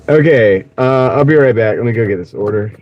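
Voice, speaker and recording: A man's voice: mid-range voice, a little mellow, muffled recording. A man live-streaming from his car as a delivery driver, chatting casually with viewers and playfully repeating words. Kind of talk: casual live-stream chat while driving. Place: inside a car. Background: faint car noise.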